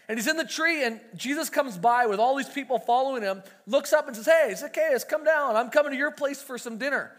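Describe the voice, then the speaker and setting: A man delivers a sermon in a relaxed, conversational way, now and then acting out quoted voices. His voice sits high for a man. The sound carries a long hall reverb, as from a church sanctuary. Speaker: pastor.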